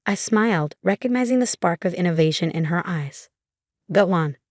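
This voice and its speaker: Give me a woman with a slightly low voice reading a first-person story calmly. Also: fairly quick, no room sound, clean studio sound. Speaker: narrator.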